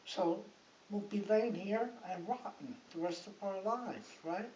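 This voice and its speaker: A woman's voice: medium pitch, unhurried, darkish tone, far from the mic. Older woman, grandmotherly storyteller, loose and rambling delivery; muffled, hissy home recording from across an echoey room. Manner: rambling, chatty, checks in with "right?" and "like". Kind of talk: casual storytelling. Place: living room, on a sofa.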